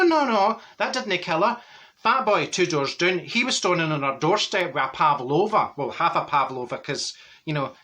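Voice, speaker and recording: A gossipy, straight-talking Glasgow woman, put on by a man, rattling through comic stories full of exclamations and asides. Her Glaswegian voice sits fairly high and rings bright and forceful. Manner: chatty, rambling, exclamatory gossip. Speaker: comedy character monologue. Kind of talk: comic character storytelling.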